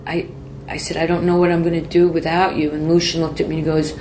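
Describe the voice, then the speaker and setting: A woman's voice: low-pitched, little pitch movement, fast talker, a little mellow, slight background noise. A woman in her forties, a podcast guest, telling a personal story with blunt, profane words and frequent self-interruptions. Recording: echoey room with faint ambience.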